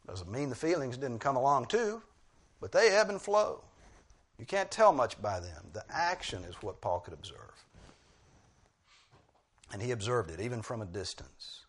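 A man's voice: medium pitch, a bit bright. A male preacher delivering an expository sermon, pressing key phrases with emphatic bursts.

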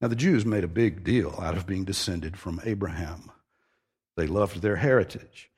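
Husky-voiced man preaching emphatically. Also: low voice, moderate pace, darkish tone. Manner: emphatic, earnest teaching with repeated stressed phrases. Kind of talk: expository sermon.

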